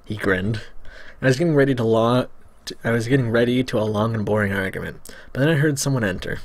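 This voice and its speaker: Guy reading a visual novel out loud, joking around, trips on words now and then. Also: mid-range voice, fast talker, dry recording. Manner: casual, joking asides, stumbles over words. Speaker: Let's Play host.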